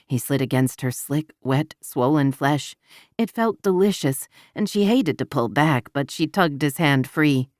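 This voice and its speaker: A woman narrating a romance audiobook in an even, intimate storytelling manner, recorded close to the mic. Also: sits low, measured pace, dry recording.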